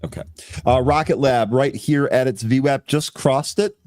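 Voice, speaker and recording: A man co-hosting a live market show, calling out tickers and price moves in quick running chatter. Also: medium pitch, darkish tone. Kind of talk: live trading commentary.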